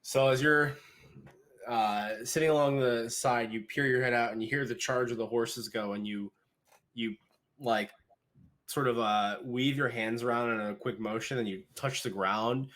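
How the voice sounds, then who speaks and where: A man's voice: mid-range voice, steady tone, moderate pace, a bit bright. A man narrating as game master of a tabletop game, in a loose, rambling way full of fillers.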